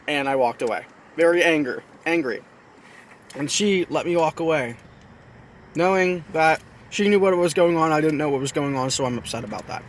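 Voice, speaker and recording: A man with a fairly high voice hosts a casual chat to camera. He talks in a chatty, self-mocking way and drives points home by repeating phrases. Faint traffic hums behind him. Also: normal speed. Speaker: video host. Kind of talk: casual talk to camera with his partner.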